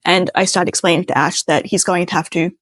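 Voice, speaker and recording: Chatty woman storyteller, wry asides, lower voice, dry close sound. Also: fairly even intonation, brisk, a bit bright, dry recording. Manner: chatty, heavy use of filler "like", wry asides. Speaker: storyteller, doctor. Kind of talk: casual storytime.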